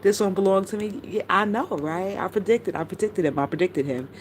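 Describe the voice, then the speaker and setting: A woman's voice: medium pitch, fairly quick, slight background noise, low-quality recording. A middle-aged woman streaming, chatting casually and bluntly about online drama, gossipy and full of profanity. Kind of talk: casual livestream chat.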